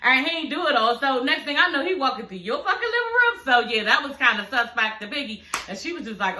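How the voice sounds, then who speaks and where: A woman's voice: sits high, very animated, fast, few pauses, echoey room, noisy background. A woman reviewing a TV episode in a casual, chatty way, often cursing, laughing and calling her viewers y'all and girl. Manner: laughs often while talking. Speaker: show recap vlogger.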